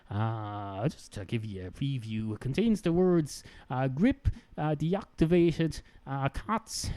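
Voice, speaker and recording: A man hosts a solo podcast, rambling and self-mocking with many fillers and the odd swear. His pitch swings in a lively way over a mellow, darker tone. The sound is dry and close to the mic. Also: no echo. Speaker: podcast host.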